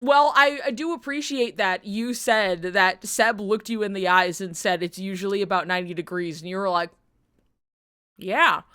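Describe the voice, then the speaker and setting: A woman's voice: mid-range voice, a little slow, clear, resonant tone. A woman streamer telling a story in casual chat, swearing and laughing as she goes. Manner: animated storytelling, swears a lot, bursts into laughter.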